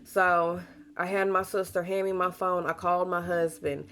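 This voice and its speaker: Here a young adult woman, pregnant and vlogging, tells stories to the camera in a warm, talkative manner with some Southern slang mixed in. Her lowish voice comes across flat, moving at a moderate pace.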